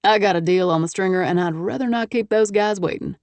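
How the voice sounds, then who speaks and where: A woman's voice: medium pitch, a little fast, darkish tone, no echo, natural voice. A woman narrator voicing a confident Texan millionaire man with an easygoing, wry drawl and a Texas accent.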